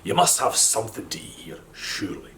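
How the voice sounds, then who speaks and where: A man's voice: lowish voice, big pitch swings, a little fast, a bit bright, slight background noise. A man voicing a strange little male trow, polite and wheedling as he asks for food and shelter. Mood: pointed. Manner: polite, wheedling, then pointed.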